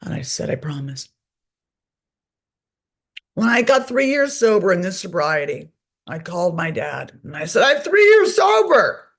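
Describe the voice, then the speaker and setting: Middle-aged woman, gravelly fry in the voice, blunt, candid, swears freely, conversational storytelling. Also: fairly low pitch, lively intonation, unhurried, long pauses. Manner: blunt and profane, speaks openly. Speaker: guest author and recovery advocate.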